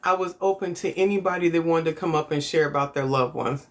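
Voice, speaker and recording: Middle-aged woman from chicago, lowish voice, chatty rambling story on her phone livestream. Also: fast. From Chicago, United States. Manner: chatty, rambling, greets viewers mid-story. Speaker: host of a livestream.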